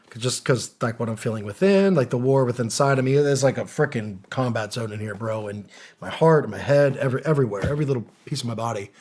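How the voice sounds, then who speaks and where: A man's voice: mid-range voice, darkish tone. A middle-aged man, a guest on a podcast, telling his story casually and earnestly, acting out quoted dialogue and using casual slang. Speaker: podcast guest, former special operations soldier.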